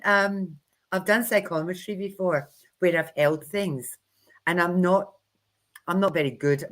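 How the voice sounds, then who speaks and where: A woman's voice: on the low side, pushed and bright. A woman co-hosting a tarot livestream, chatty and candidly self-deprecating. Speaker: tarot reader co-host. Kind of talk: livestream teaching chat.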